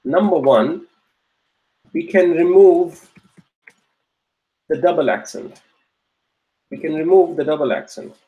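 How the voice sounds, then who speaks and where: A man's voice: fairly high pitch, slow pace, long pauses, narrow, tinny audio. A man teaching an online grammar class, patiently repeating each point and checking that students follow. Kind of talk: online Arabic grammar lesson.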